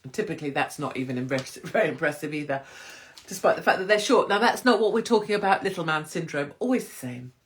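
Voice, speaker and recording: A woman's voice: low-pitched, quick pace. A woman hosting a casual livestream chat, cheeky and self-mocking, laughing often. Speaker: livestream host.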